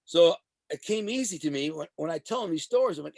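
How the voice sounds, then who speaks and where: A man who was once a mob associate, telling his story in a casual interview. He talks in a profane, animated way and acts out the voices of the people in his stories. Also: high-pitched, a little fast, dry recording. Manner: animated, profane street talk.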